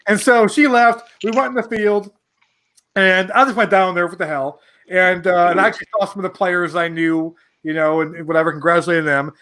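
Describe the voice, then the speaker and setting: A man in his forties from New York, a podcast guest telling a rambling, animated anecdote full of restarts. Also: high voice, brisk. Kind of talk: casual storytelling.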